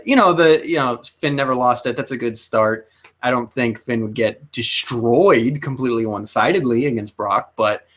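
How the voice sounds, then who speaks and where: A man's voice: medium pitch, fairly bright tone. A young man co-hosting a casual chat, rambling and hesitant, often restarting his sentences. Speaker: co-host.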